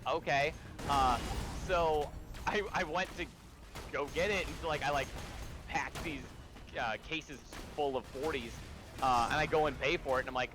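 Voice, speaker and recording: A man chatting casually while playing a video game, telling a story and doing high voices for the people in it. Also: a little slow, long pauses, noisy background. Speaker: gamer. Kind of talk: casual chat while gaming.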